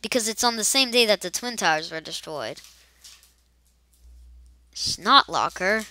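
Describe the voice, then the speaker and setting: A woman's voice: mid-range voice, animated, a little slow, bright, forceful tone. A woman giving casual, rambling gameplay commentary, full of silly asides. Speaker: let's play gamer.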